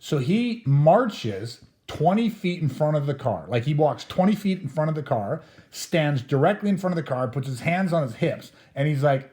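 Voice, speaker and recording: A man's voice: a little high, lively intonation, normal speed, a little mellow. A middle-aged man casually telling a rambling, profane anecdote, often chuckling as he talks. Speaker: storyteller host.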